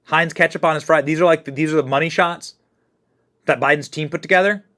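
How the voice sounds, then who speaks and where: A man hosting a political commentary show, reacting to clips in a mocking, animated way. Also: fairly high pitch, fast talker. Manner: mocking, animated, laughs often.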